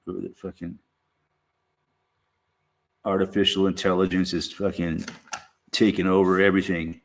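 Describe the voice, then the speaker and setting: A man streaming a casual monologue, rambling and swearing freely, with lots of halting restarts and "you know". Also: low voice, flat delivery, creaky, slight background noise.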